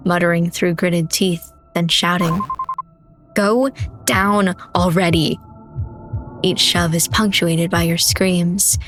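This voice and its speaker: A woman streamer reading a horror visual novel aloud in steady, measured, dramatic narration. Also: lowish voice. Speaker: game streamer.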